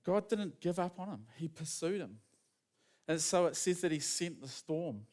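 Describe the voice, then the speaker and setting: A man preaching a sermon in a casual, animated storytelling manner, acting out quotes as he goes. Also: a little high, moderate pace.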